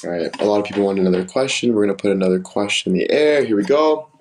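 A young man with a fairly low voice hosts a casual live stream. He rambles candidly through personal stories and answers comments from viewers as they come in. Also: animated, racing, a little mellow, a little hiss or hum, low-quality recording. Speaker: livestream host. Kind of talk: casual livestream chat.

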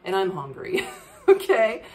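A woman's voice: mid-range voice, measured pace, far from the mic, a little hiss or hum. A woman hosting a podcast, telling a travel story in a chatty way and acting out the dialogue. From United States. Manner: animated, chatty, acts out dialogue. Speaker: podcast host.

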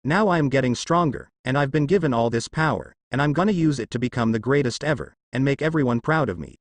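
A man's voice: medium pitch, quick pace, dry recording, lightly acted. A man reading a fan story aloud, voicing an eager teenage boy ninja in plain narration. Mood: excited. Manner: eager, excitable.

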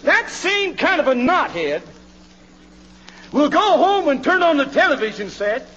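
A male preacher delivering a fiery revival sermon in a church, swinging from hushed pleading to hollering. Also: extremely high pitch, slight background noise. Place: church sanctuary. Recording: dull, reverberant old church recording.

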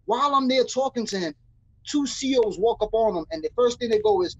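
A man's voice: high-pitched, brisk, breathy edge, no room sound, lo-fi sound. A young man from New City, telling a story as a guest in a casual interview and acting out the voices he quotes in street slang. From New York City. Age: young adult.

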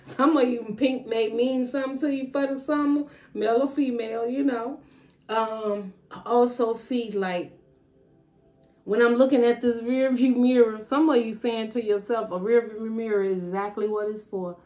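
A woman's voice: a little high, steady tone, normal speed, a little mellow. A woman giving a casual, rambling tarot reading, thinking aloud with fillers and trailing thoughts. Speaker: tarot reader.

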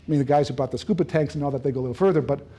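A man giving a Torah lecture, animated, joking and laughing as he acts out dialogue. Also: on the high side, very fast, husky. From lives in Israel. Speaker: rabbi giving a Torah talk. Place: lecture room.

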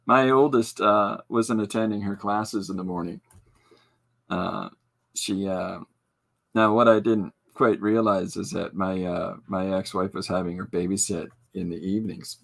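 A man in his forties hosting a podcast, telling rambling, self-deprecating stories in casual chat, with halting restarts and frequent laughs. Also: low voice, fairly even intonation, creaky. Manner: halting restarts with many fillers. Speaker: podcast host and artist.

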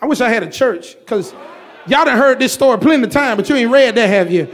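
A man preaching a sermon in a church, with a rhythmic, repetitive cadence and shouted bursts. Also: extremely high pitch, expressive, a little fast. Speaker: pastor.

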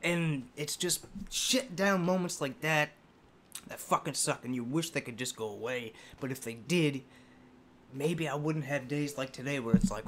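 A man's voice: mid-range voice, moderate pace, fairly bright tone, slight background noise. A man hosting a music reaction video, talking in a casual, profane, rambling and heartfelt way, emotional as he speaks.

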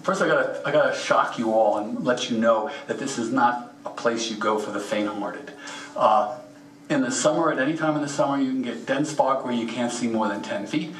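A man's voice: medium pitch, normal speed, slight background noise. A man giving a casual slide presentation at a mineral show, plainspoken and folksy, offering practical advice directly to the audience. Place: meeting room at a rock and mineral show. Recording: echoey room, speaker far from the mic.

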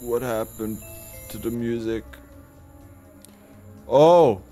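A man's voice: mid-range voice, extremely slow, mellow, faint music behind. A man playing a horror game on his channel, reading its text aloud and reacting with swearing and jokes. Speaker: gaming video host. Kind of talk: casual horror game commentary.

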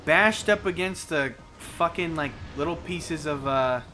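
A man co-hosting a let's-play, giving casual commentary and ranting loudly with heavy swearing at the game. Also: a little high, unhurried, music in the background. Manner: loud profane ranting at the game.

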